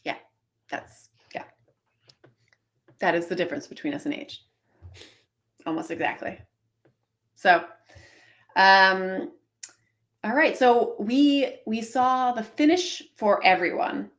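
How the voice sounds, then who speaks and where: A woman's voice: medium pitch, lively intonation, takes it slowly, long pauses, a bit bright. A woman co-hosting casual live commentary on an online cycling race, chatty and explaining tactics with plenty of fillers.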